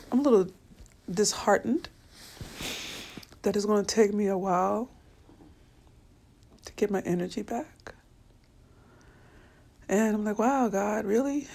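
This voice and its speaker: Tired, weepy woman with a gravelly voice. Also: medium pitch. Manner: soft and tired, weepy, talks to viewers by name. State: tired and low on energy. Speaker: vlogger on a live stream. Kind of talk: casual live-stream chat. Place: bedroom at home.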